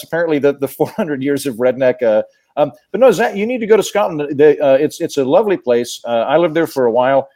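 A male comedian chats as a guest on a podcast, with a voice set a little high for a man. He rambles through his stories and jokes at his own expense. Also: animated, fast, dark tone. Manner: rambling, self-deprecating, joking. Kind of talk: casual podcast chat.

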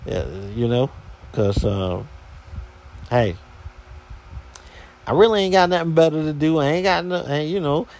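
Slangy guy hosting his podcast, swings his voice all over, kinda high. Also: measured pace, pauses often. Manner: animated, slangy, exasperated. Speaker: podcast host. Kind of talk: casual storytelling monologue.

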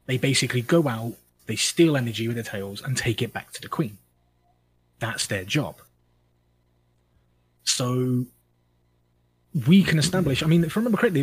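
A man's voice: mid-range voice, lively intonation, moderate pace, long pauses, a little hiss or hum, poor audio. A man co-hosting a casual podcast chat, talking through monster matchups with frequent restarts and self-corrections. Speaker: podcast co-host.

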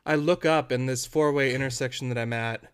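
A young man, a podcast co-host, telling a story in a casual, animated, dramatic way that keeps breaking into laughter. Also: mid-range voice, a little fast, smooth.

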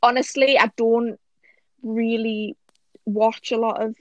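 A woman's voice: a little high, slow pace, no room sound, highs cut off. Woman chatting on a dry mic. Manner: chatty, animated retelling with restarts. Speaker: podcast co-host. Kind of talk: casual chat.

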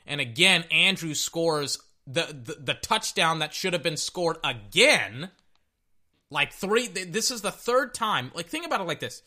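A man hosting a sports podcast and ranting in a blunt, casual way. He swears freely and keeps circling back to the same point. His voice sits a little high and rings bright and forceful. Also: sing-song, a little slow. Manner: blunt, profane, repeats himself. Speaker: podcast host. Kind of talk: casual sports reaction rant.

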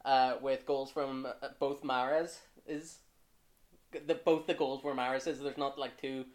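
Unhurried and mid-range in pitch, a man runs a football podcast with easygoing banter. Fillers pepper his talk, and the occasional curse slips out when he gets irritated.

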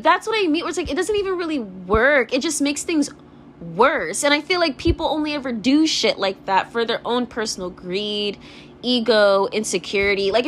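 A young female vlogger goes on a rapid, profane, frustrated rant, packing nearly every phrase with "like." Her voice is a little high with a fairly bright tone, and there's slight background noise.

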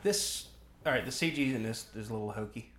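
A man co-hosting a podcast, casually commenting on a film as he watches, talking in halting stops and restarts. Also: mid-range voice, a bit bright. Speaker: podcast co-host. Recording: roomy echo, faint noise.

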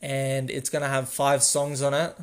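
A man's voice: medium pitch, completely flat delivery, moderate pace, clear, resonant tone. A young Australian man hosting a casual solo podcast, rambling, losing his train of thought and correcting himself with small laughs. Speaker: podcast host.

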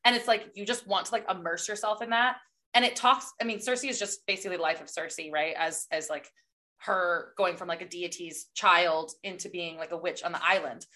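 A woman co-hosting a casual book podcast, talking in an animated, chatty way with lots of fillers. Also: fairly low pitch, fairly quick. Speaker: podcast co-host.

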